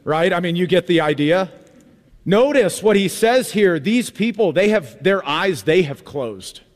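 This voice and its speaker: A man preaching a sermon as pastor of a church, emphatic and animated, repeating phrases for effect. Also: sits high, measured pace, long reverb tail. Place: church sanctuary.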